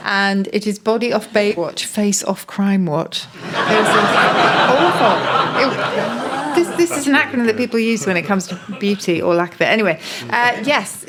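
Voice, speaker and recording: A woman on a comedy panel, chatting with quick, enthusiastic amusement. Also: mid-range voice, a bit bright.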